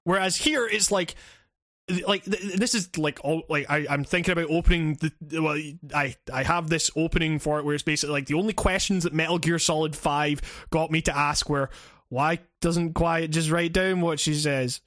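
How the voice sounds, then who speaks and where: A man's voice: on the high side, fairly quick, fairly bright tone, no room sound, studio quality. A man ranting about a game in casual chat, rambling and swearing with many restarts. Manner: rambling, profane, frequent restarts.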